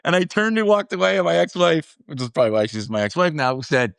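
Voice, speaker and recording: A man hosting an interview, telling a story excitedly and laughing as he talks. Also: fairly high pitch, fast talker, vocal fry, no room sound. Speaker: podcast host. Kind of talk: casual interview chat.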